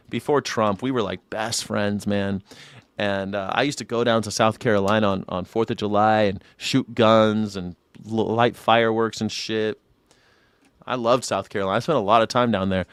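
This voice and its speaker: A man's voice: fairly low pitch, dry recording, clean studio sound. An American man hosting a news reaction show, talking casually, rambling and swearing, often laughing. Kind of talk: casual live-stream reaction commentary.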